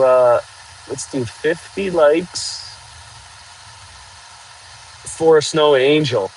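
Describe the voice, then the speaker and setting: A man hosting a casual outdoor livestream, chatting and joking with viewers while clearing trees with a machine. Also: medium pitch, a little hiss or hum, poor audio. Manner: chatty, jokey, talks to viewers while working. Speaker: livestream host.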